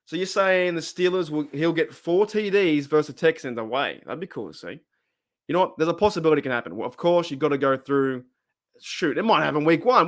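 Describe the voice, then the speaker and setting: A man's voice: on the high side, lively intonation, fairly quick. A middle-aged Australian man hosting a casual live stream, chatting, rambling and laughing often as he reads viewer comments.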